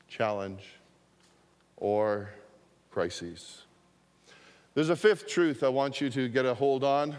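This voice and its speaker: Slow, deliberate male preacher in a hall. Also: mid-range voice. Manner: slow, deliberate storytelling with repetition. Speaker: pastor. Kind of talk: sermon. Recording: long hall reverb.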